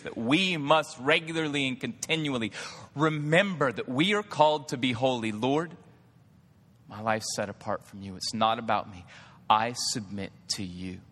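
A man preaching a storytelling sermon, animated, swinging from hushed asides to loud excited bursts. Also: mid-range voice. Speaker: pastor. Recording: long hall reverb.

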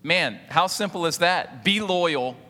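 Pastor guy in his 40s preaching, lots of questions to the crowd, bright edgy voice, long echo off the hall. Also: fairly high pitch, animated, unhurried. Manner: preaching with rhetorical questions and call-outs to the congregation. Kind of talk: sermon.

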